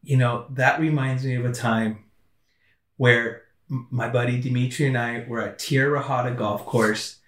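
Male co-host, lively storyteller who acts out quotes, recorded in an echoey room from a distance. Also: medium pitch, moderate pace. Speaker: podcast co-host. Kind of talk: casual chat, storytelling.

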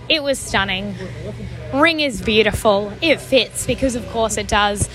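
A young woman co-hosting a podcast, recording a chatty message in a wry, self-deprecating way. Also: fairly high pitch. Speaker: podcast co-host.

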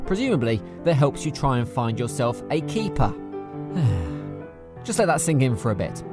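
Sarcastic comedy narrator. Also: male voice, mid-range voice, sing-song, measured pace, over music. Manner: dry, sarcastic. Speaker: host. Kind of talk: sardonic scripted comedy narration.

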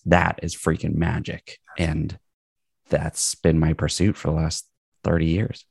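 Man around forty, very deep and gravelly, animated rambling storyteller, close dry recording. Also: measured pace, no room sound. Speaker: guest. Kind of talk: storytelling in casual conversation.

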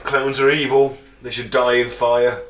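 A man's voice: medium pitch, flat delivery, measured pace, a bit bright. A man co-hosting a casual comedy podcast, swearing freely, laughing often and playing up mock outrage. He is recorded from a distant mic in a roomy space. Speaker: podcast co-host.

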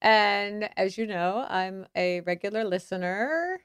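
A woman's voice: medium pitch, takes it slowly, fairly bright tone, clear, resonant tone, dry recording, clean studio sound. A middle-aged woman, an author, chatting playfully as a podcast guest. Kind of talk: casual chat.

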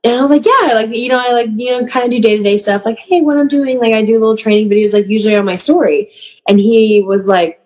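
Laughing, animated woman telling stories. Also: a little high, fast, rough recording. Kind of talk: casual chat.

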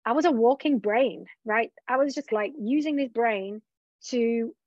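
A woman's voice: fairly high pitch, unhurried, darkish tone, no echo. Candid, reflective woman coach, dull recording. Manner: reflective, open, quotes her own thoughts. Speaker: business coach. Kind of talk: candid conversational interview.

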